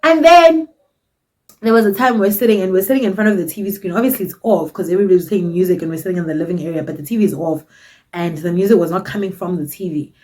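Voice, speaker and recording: A South African woman in her twenties, telling a casual storytime in an animated, dramatic and cheeky way. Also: lowish voice, quick pace. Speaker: vlogger.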